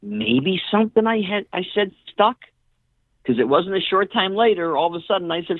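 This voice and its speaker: A middle-aged man, a guest on an interview show, telling casual stories in an animated way and acting out what other people said. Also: high voice, moderate pace, no room sound. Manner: animated storyteller who acts out quoted dialogue. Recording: tinny phone-line audio, dry.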